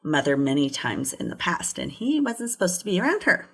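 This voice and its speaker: Woman, low register, podcast co-host; casual true-crime retelling, quotes people in little voices. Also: big pitch swings, brisk, vocal fry, fairly bright tone, slightly rough.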